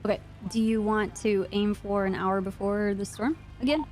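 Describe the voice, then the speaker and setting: A woman streamer voices a police officer in an online role-play, talking casually and laughing easily. Now and then she drops into a flat, sing-song robotic delivery. Her pitch sits in the middle, and faint music runs underneath. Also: normal speed. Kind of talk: in-character role-play chat.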